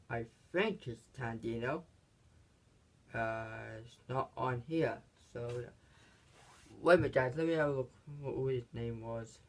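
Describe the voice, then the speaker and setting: A man giving a casual, rambling movie recap, halting often and restarting his sentences. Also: fairly high pitch, sharp tone. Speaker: movie reviewer.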